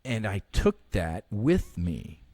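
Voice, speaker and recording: Low-voiced man in his fifties, dry sound. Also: very animated, a little mellow, no echo. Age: 50s. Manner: earnest, halting retelling with many restarts. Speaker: podcast guest. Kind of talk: personal storytelling in conversation.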